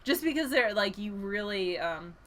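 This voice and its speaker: A woman co-hosting a casual chat show, an animated storyteller who laughs often and acts out the lines she quotes. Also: mid-range voice, moderate pace, a little hiss or hum. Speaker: podcast co-host, school librarian.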